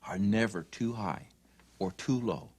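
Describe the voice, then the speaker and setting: A narrator giving a dramatic teaching talk, swinging between loud mock scolding and soft near-whispers. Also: sits low, unhurried, slightly rough.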